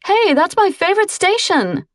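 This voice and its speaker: Snippy teen girl for an audiobook, whiny and exasperated, higher than the reader's own voice, read by a woman. Dry recording. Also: lively intonation, normal speed, no room sound, natural voice. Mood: annoyed. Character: bored, snippy teenage girl cousin.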